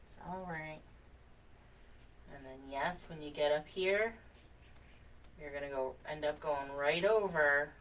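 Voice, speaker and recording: A woman teaching a live painting lesson, giving gentle step-by-step instructions and laughing easily. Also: deep voice, unhurried, pauses often. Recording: distant mic with faint background noise.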